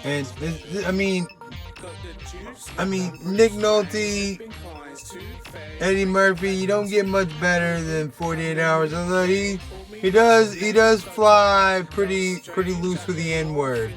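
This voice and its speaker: A man chats through movie picks in a loose, excitable way and keeps adding jokey asides. His voice sits high for a man and has a bright, forward edge. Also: slow, soft background music. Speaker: movie recommendation host. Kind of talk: casual monologue.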